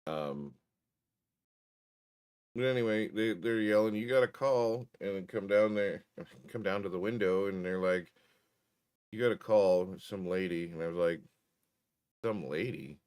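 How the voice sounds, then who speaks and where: A man's voice: deep voice, measured pace, long pauses, a little mellow, smooth. A man telling a story in casual chat, profane and wry.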